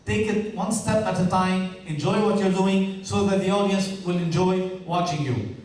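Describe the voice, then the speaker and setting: A man with a higher voice coaches students in an echoey school hall. He is heard from some distance, encouraging them and checking in often with "okay?". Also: fairly even intonation, normal speed, a little mellow. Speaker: teacher giving feedback to students. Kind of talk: classroom feedback talk. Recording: echoey room, mic far off.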